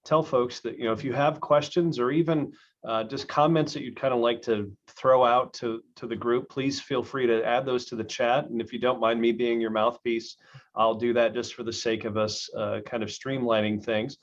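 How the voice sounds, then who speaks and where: Man moderating on a dull video call. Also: mid-range voice. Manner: relaxed, measured, with light fillers. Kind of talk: moderating a discussion.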